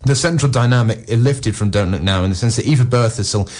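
A male film critic on a radio show, talking casually and at length, with frequent "you know" fillers and quick asides. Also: mid-range voice, a little mellow. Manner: discursive, peppered with "you know" and "no"; acts out characters' lines in passing.

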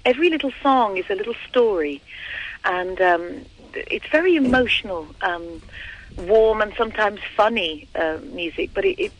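A woman's voice: medium pitch, lively intonation, moderate pace, low-quality recording. A woman singer giving a phone interview, speaking enthusiastically and effusively. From England. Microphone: telephone.

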